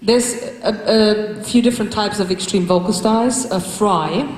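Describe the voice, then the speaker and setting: A woman teaches a vocal workshop to a group in a large hall, talking through technique in an instructive way and breaking into loud shouts and growls to demonstrate. Her voice sits at a middle pitch for a woman. The recording is heavily reverberant, with a long hall echo, as if picked up from across the room. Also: moderate pace, heavy background noise. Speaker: vocal coach leading a workshop. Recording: very echoey hall from a distance.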